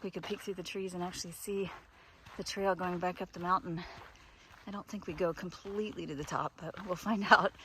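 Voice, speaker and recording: A woman's voice: medium pitch, fairly bright tone. A woman narrates her hike in a cheerful, chatty way, laughing often as she talks. She records outdoors on a mountain trail with a handheld camera, and faint noise sits behind her voice. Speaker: hiking vlogger. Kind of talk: casual vlog narration while hiking.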